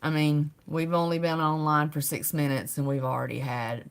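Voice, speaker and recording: A woman's voice: sits low, flat delivery, moderate pace, clear, resonant tone. A middle-aged woman hosting a casual livestream, greeting viewers by name and laughing often. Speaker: livestream host.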